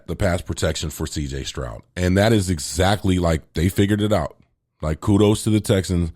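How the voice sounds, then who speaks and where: A man's voice: low-pitched, a little mellow, no room sound, studio quality. A man hosting a sports talk show, casually rambling through football analysis with slang and restarts. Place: home near an air base, planes heard.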